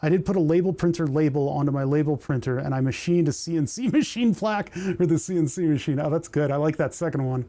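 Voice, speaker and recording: Mellow-voiced man muttering through a livestream. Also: on the high side, quick pace, hardly any pauses, no echo. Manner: rambling, talks to himself while fiddling with menus. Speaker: livestream host. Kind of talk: casual livestream chat while working. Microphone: desk microphone.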